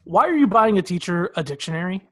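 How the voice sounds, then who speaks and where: A man co-hosting a podcast who walks through episode plots at length. His voice sits a little high for a man, and his tone is relaxed and conversational. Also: fast talker, a crowd in the background. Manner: storytelling, recaps plot in detail. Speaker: podcast co-host. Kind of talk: casual chat recapping episodes.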